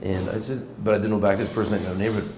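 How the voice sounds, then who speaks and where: A middle-aged Canadian man telling stories in a casual interview at a café table, animated and repeating words as he goes. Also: fairly low pitch, very fast. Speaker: guest, business owner. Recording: echoey room with steady background noise.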